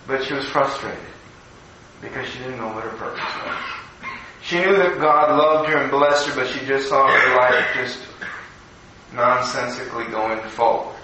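A man's voice: medium pitch, normal speed, sharp tone, a little hiss or hum. A man giving a recorded devotional sermon in a conversational, storytelling way, acting out the voices he quotes. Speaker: preacher. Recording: echoey room from far off.

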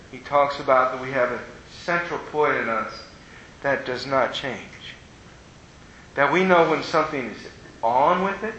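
A man's voice: pushed and bright, muffled recording. A man preaching a conversational sermon, telling stories with animation and playful asides to his listeners. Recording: echoey room with faint rumble.

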